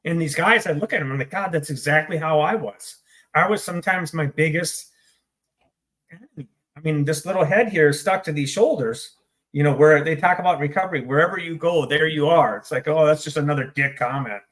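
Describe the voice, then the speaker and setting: Speaking briskly in a voice on the high side and a bit bright, a middle-aged American author in recovery tells an interviewer about his own recovery. He's blunt, profane, and self-deprecating, and he's choked up.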